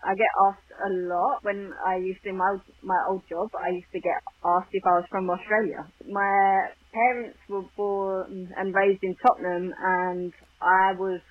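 A husky-voiced woman with a London accent and a slightly posh edge talks easygoingly, laughing often. Her voice comes through a tinny, phone-like line, like a remote call. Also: medium pitch, level tone, a little slow, hardly any pauses, no room sound. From southern England. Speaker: author, guest. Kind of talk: casual interview chat.

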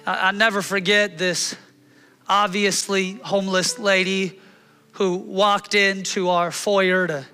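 A man in his thirties preaching a sermon, telling a personal story and acting out the scenes with animated delivery. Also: high voice, clean tone, big-room sound. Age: 30s. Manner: animated, acts out his own shouting in the story. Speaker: pastor.

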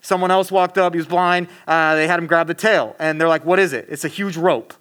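Man, high voice, casual preacher, chatty and animated with fillers; talks right to the audience. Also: fairly quick. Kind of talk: casual sermon.

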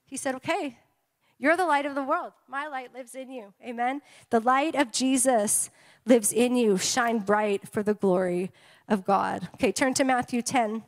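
High-voiced woman preaching a sermon. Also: measured pace. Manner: animated, frequent "amen?" and "okay?" to congregation. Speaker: pastor. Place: church sanctuary. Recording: long hall reverb.

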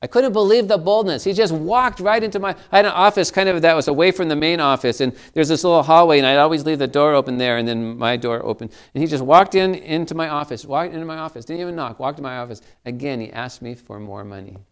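A man's voice: fairly high pitch, fast talker, few pauses, smooth. A man preaching a sermon as a pastor, telling stories in a conversational way and asking his listeners questions.

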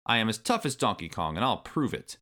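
A man voicing a brave, excitable young monkey in a storybook reading, shouting defiantly. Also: lowish voice, fairly quick.

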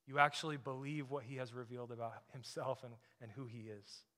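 A man preaching a sermon as pastor, emphatic, often dropping to a soft, intense tone on key points. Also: medium pitch, steady tone, a little fast.

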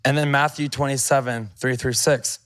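A man's voice: medium pitch, steady tone, normal speed, fairly bright tone. A male pastor preaching a sermon, reading scripture aloud and commenting on it in a conversational, emphatic way.

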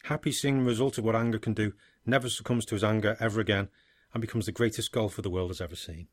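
Man calmly narrating a dark story. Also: on the low side, fast talker, dry recording. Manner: steady storytelling, dry laughs, short agreeing replies. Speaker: podcast co-host. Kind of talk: casual chat, narrating a made-up story ending.

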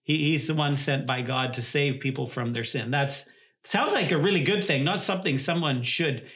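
A man's voice: on the high side, normal speed, a bit bright. A male pastor preaching a sermon in an earnest way, often repeating words and restarting his sentences.

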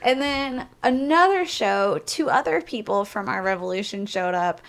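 A woman's voice: medium pitch, normal speed, vocal fry. A woman co-hosting a podcast, chatting casually and acting out the people in her stories. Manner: animated storytelling, acts out quotes. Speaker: podcast co-host. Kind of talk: casual chat.

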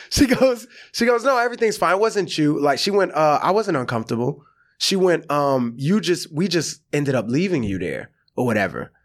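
A man from the American South, an actor and comedian, telling a story in casual chat and acting out the quotes. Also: mid-range voice. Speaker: podcast guest, actor and comedian.

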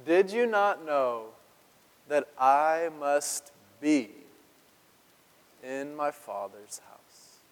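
A man voicing a calm, slightly teasing twelve-year-old boy, in a matter-of-fact way. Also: high voice, normal speed, long pauses, in a large hall, pitched above the performer's own voice.

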